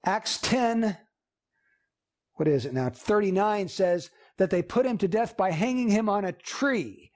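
High-voiced emphatic male preacher. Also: lively intonation, measured pace, a little mellow. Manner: earnest, emphatic preaching with repeated phrases. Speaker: pastor. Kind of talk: sermon.

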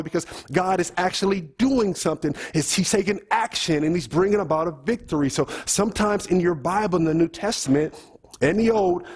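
A man's voice: sits high, slightly rough. A middle-aged man preaching a teaching sermon in a church, asking the congregation questions as he goes. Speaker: pastor.

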